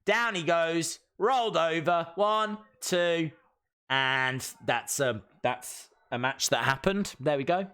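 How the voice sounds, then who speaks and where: Taking it slowly in a smooth, fairly high voice, a man chats excitably through a live watch-along reaction stream, reading viewer comments aloud along the way.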